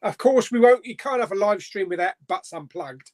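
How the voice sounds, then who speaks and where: A man's voice: high-pitched, expressive, normal speed, a little mellow. A man hosting a casual live-stream chat, rambling along with lots of fillers and restarts. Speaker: host.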